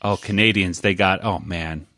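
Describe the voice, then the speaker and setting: Lowish male podcast host who rambles and chuckles, dry close mic. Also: moderate pace, pushed and bright, no echo. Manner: rambling, chuckling, many fillers. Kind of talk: casual chat.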